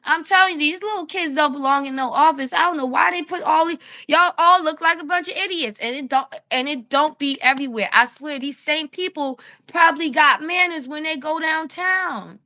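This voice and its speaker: Woman, New York accent, bright sharp voice, blunt profane storytelling, casual vlog rant. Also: high-pitched, normal speed, hardly any pauses. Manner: animated storytelling, laughing often, blunt and profane. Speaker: street vlogger.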